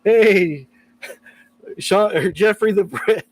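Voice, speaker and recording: A man's voice: high voice, drawn-out words, dry recording, low-quality recording. Chatty, laughing male livestreamer. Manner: chatty, laughs often, reads out chat messages. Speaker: guitar repair livestreamer. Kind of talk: casual live-stream chat.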